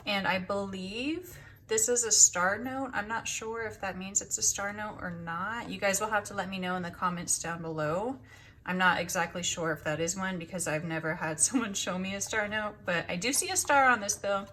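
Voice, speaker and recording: A woman's voice: mid-range voice, normal speed, a little hiss or hum. A young woman hosting a budgeting vlog, chatting casually to the camera and a little out of breath after work. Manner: chatty, counts cash aloud softly. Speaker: budgeting channel host.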